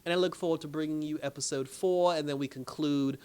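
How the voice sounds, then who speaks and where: A man hosting a casual TV episode review, retelling scenes in an animated way, acting out quotes, laughing often and swearing freely. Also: a little high, fairly quick, smooth. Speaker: TV review host.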